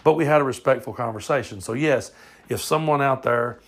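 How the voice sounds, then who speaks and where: A Southern American man hosts his own small podcast, talking straight into his phone in a loose, drawling ramble. His voice carries a gravelly fry, and he swears freely and casually as he goes. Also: medium pitch, brisk. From southern United States. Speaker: podcast host.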